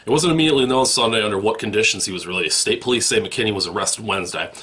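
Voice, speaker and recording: Man, low voice, parody news host, profane mocking rants, bright forceful tone. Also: rapid-fire.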